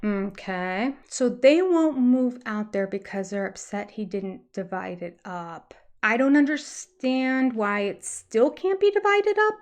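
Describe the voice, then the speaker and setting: An older woman hosting a casual commentary on a TV show, expressive and teasing, with sarcastic asides. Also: mid-range voice. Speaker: host.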